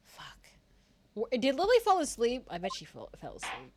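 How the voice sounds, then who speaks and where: A woman streamer chatting casually during gameplay, animated, laughing and swearing freely. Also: a little high, normal speed, heavy background noise. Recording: game music behind.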